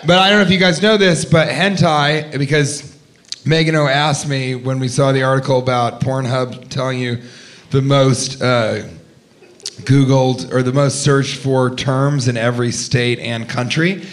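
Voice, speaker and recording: A man hosting a live comedy podcast, riffing loudly with laughter and crude jokes from a club stage. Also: mid-range voice, fairly even intonation, measured pace. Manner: loud, laughing, profane riffing. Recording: live club recording with crowd noise. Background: laughing live audience.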